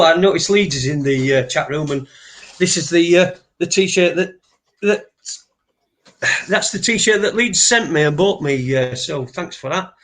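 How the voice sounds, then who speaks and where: A man co-hosting a casual live stream, rambling with lots of swearing, fillers and restarts. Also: fairly high pitch. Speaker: co-host.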